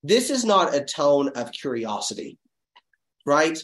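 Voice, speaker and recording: Animated man leading a Bible study. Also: a little high, a little slow. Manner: animated, thinks aloud with restarts and rhetorical questions. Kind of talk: teaching a group Bible study. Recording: echoey room, voice from far off.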